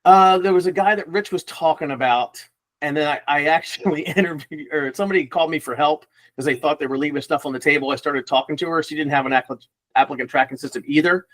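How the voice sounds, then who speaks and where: A man joins a casual panel discussion over a video call. His voice is slightly high and plainly conversational, and he pushes back insistently whenever he is challenged. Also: quick pace, fairly bright tone. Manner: insistent, defensive. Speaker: panel guest.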